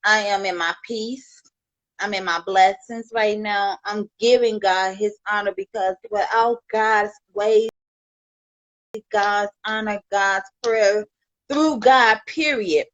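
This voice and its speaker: A woman's voice: medium pitch, slow, no room sound, muffled recording. A woman from Chicago on a livestream, talking with heartfelt, rambling thanks to her viewers and peppering her talk with "you know". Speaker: livestream host.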